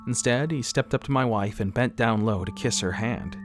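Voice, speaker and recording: A man's voice: mid-range voice, moderate pace, faint music behind. A man narrating a first-person horror story in a dramatic, wry scripted telling.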